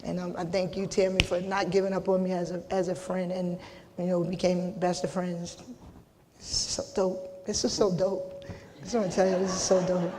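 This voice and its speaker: Middle-aged woman, emotional inductee, choked-up, casual, restarts often, monotone, long reverb. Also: lowish voice, background noise. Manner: halting, repeats herself, casual slang. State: holding back tears. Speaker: hall of fame inductee. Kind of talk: emotional acceptance speech.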